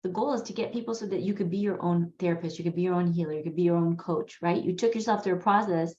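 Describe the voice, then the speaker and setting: A woman's voice: on the low side, fast, warm tone. A woman coach who speaks in an affirming, encouraging way. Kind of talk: supportive coaching talk. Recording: echoey, dull room sound with faint noise.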